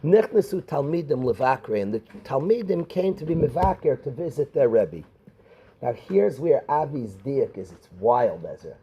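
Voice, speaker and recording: A middle-aged rabbi, teaching a class of students and calling on them by name with questions. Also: male voice, mid-range voice, big pitch swings, moderate pace, dark tone, lo-fi sound, a little hiss or hum. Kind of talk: Torah class.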